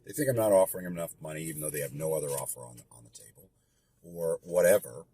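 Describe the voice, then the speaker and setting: A man's voice: a bass voice, fast talker, dark tone, breathy edge. A man teaching a real estate investing lesson, direct and emphatic, repeating his key points. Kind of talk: coaching lesson.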